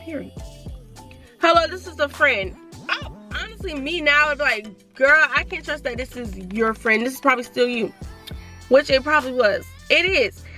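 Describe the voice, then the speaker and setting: Young woman, sore throat, animated storytime, faint music behind. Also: sits high. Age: 20s. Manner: animated, reads messages aloud, talks fast. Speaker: vlogger. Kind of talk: casual storytime.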